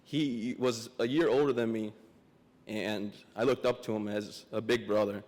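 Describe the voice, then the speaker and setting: A young man giving a memorial speech as a guest speaker, joking and self-deprecating, halting and emotional, close to tears. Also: on the low side, fairly even intonation, darkish tone. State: emotional, teary. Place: large memorial hall. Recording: long hall reverb.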